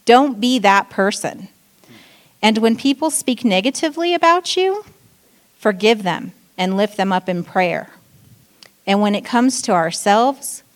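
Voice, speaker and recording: A woman giving a short sermon in church, telling a story and acting out frustrated lines. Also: on the high side. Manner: storytelling, acting out quoted outbursts. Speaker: church speaker. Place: church stage.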